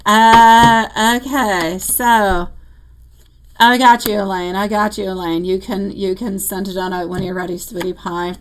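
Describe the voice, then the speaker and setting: A warm-toned woman doing live tarot readings, talking straight to her viewers in a loose, chatty way. She leans on endearments like sweetie and my love, laughs easily, and her voice jumps up high when she gets excited. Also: measured pace, slight background noise, poor audio. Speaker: tarot reader. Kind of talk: live-stream chat and readings.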